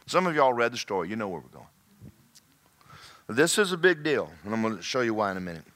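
Male pastor, sermon, lively pitch swings, bright tone. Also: fast. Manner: animated preaching, swings from loud to hushed.

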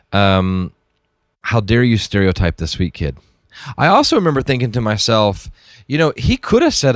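A middle-aged man from Texas, a chef telling an earnest, animated story to an audience, with many fillers and restarts. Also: low-pitched, no room sound, studio quality. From Dallas, Texas. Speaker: chef giving a talk.

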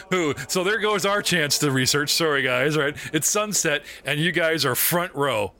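A man narrating a tabletop game as game master, animated and joking, often breaking into laughs. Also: on the high side, slow.

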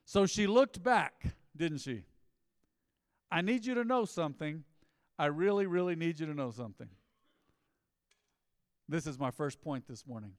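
A man's voice: fairly high pitch, lively intonation, measured pace, long pauses, no echo, clean studio sound, big-room sound. A male pastor preaching a sermon, reading scripture aloud and drawing call-and-response from the congregation.

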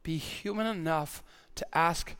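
A man's voice: a little high, a little slow, fairly bright tone, smooth. A male pastor preaching a sermon in an earnest way, often repeating words as he stresses a point.

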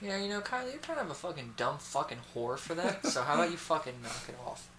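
A man's voice: on the high side, fast, a little hiss or hum. A man co-hosting a casual podcast, animatedly retelling a reality show with lots of swearing. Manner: ranting, profane, animated storytelling. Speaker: podcast co-host. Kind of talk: casual chat.

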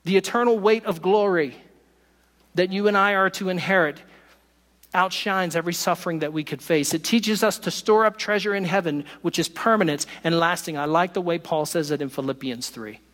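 A male pastor preaching a sermon, slowing down and lifting his voice for emphasis. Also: high-pitched. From not from West Virginia. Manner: expressive preaching, slows for emphasis. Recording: long hall reverb.

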